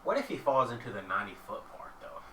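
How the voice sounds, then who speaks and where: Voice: medium pitch, big pitch swings, fast talker, sharp tone, a little hiss or hum. A player in casual tabletop game chat, speaking in a cautious, dry manner, recorded in a roomy space from a distance.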